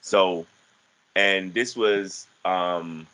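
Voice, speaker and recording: A man with a deep, low voice talks through a lesson for an online class. He explains patiently and often stops to restart his sentences. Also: fairly even intonation, sharp tone, low-quality recording. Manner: halting, many restarts and fillers. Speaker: teacher.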